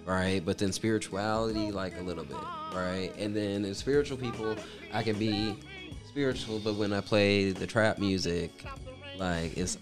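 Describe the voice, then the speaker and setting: A man's voice: on the low side, fairly even intonation, moderate pace, music in the background. A man chatting casually as a guest, telling stories in a rambling, profane way full of fillers. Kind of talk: casual storytelling chat.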